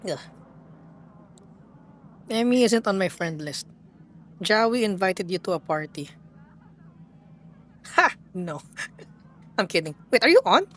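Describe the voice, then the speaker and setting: A young woman streaming a driving game, excitable and swearing, laughing and talking to her chat. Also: mid-range voice, slow, long pauses, a little hiss or hum. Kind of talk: casual live-stream chat while gaming.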